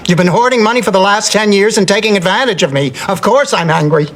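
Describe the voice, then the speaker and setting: An actress playing a middle-aged, sardonic daughter in a sitcom, with a low, husky, deadpan delivery. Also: female voice, fast talker, natural voice. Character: sardonic grown daughter, exasperated, quick-tongued. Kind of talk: sitcom acting. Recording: noisy TV audio with studio audience laughter.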